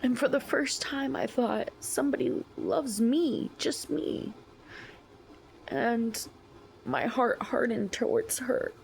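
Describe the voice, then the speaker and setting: A young woman vlogging a personal story, slow and emotional, sometimes dropping to a whisper. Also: a little high, animated, vocal fry, slight background noise, rough recording.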